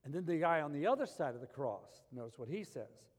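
A man preaches a sermon with a high voice, pressing hard on key lines and then falling to a hushed intensity. His words ring out with a long reverb tail, as in a large hall. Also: a little fast. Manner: animated preaching, swings between loud emphasis and quiet intensity. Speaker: pastor.

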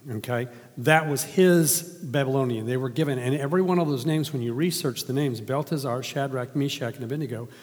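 Conversational preacher in a reverberant hall. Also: male voice, medium pitch, a little mellow. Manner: conversational, asks the audience questions. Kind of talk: sermon.

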